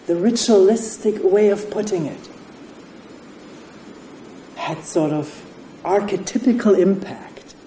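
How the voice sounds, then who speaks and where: A woman, giving a slow, thoughtful retreat talk with pauses and soft laughs. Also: medium pitch, reverberant, slight background noise. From Germany. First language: German. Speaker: retreat teacher.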